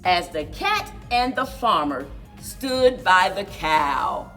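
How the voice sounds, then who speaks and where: A woman, a children's librarian, reading a picture book aloud with expressive storytelling. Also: fairly low pitch, slow, faint music behind. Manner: expressive storyteller, big swoops for animal noises.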